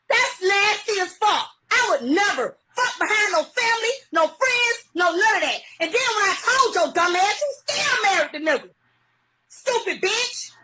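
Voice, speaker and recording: A middle-aged woman in a heated, profane live-stream rant, often shouting. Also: very high voice, background noise. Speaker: livestreamer.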